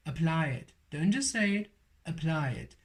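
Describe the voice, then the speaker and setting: A man's voice: a little high, animated, measured pace. A man giving a spiritual tarot card reading, emphatic and repeating his affirmations. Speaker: tarot reader.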